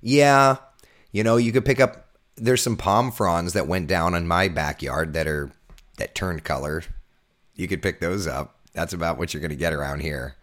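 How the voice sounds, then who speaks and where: Hoarse weatherman with a deep voice, loose and jokey while chatting with viewers. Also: normal speed, a bit bright. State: hoarse, voice recovering. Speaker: TV meteorologist hosting a live chat. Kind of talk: casual live-stream chat reading viewer comments.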